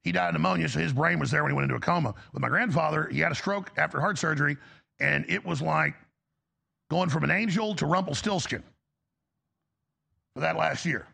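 A man's voice: on the high side, a little fast, creaky, long pauses, bright, forceful tone, husky. A man hosting a talk show, giving a heated, emphatic political commentary monologue with frequent restarts.

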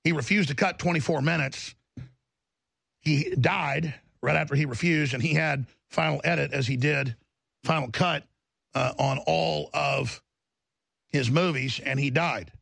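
A man's voice: a little high, measured pace, creaky, fairly bright tone, husky, no echo. A man hosting a broadcast, delivering a fervent, ranting monologue with emphatic repetition. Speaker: talk show host.

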